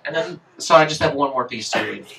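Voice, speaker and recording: A man's voice: medium pitch, brisk, creaky, very noisy. Casual, profane male storyteller from afar. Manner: casual, profane, rambling with many fillers. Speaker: author performing at a reading. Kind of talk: live storytelling told from memory. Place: indoor live reading event. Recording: voice picked up from far off.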